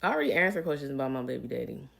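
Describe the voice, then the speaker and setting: Low-pitched, forceful woman chatting on a livestream. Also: big pitch swings, rapid-fire, creaky, a little hiss or hum. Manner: chatty, reads out and answers comments, addresses viewers as y'all. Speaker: reality TV personality answering live viewer comments. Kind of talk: casual livestream chat.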